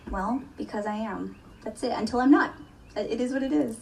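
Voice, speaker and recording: A woman therapist talks candidly on a live podcast panel, with a gravelly, darker tone. Her humor comes through and she laughs often. She sounds set back from the microphone. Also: fairly high pitch, fairly quick, darkish tone, recorded from a distance.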